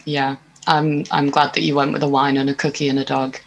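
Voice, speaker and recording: A woman's voice: rumbling low, flat delivery, brisk, creaky, lo-fi sound. A woman co-hosting a podcast, trading teasing, blunt banter in casual chat. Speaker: podcast co-host. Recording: loud background noise with clicks.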